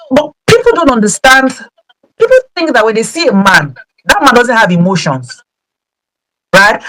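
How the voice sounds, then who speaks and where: A woman hosting a talk show, setting up questions in a thoughtful, halting way. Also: sits high, rough recording. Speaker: host.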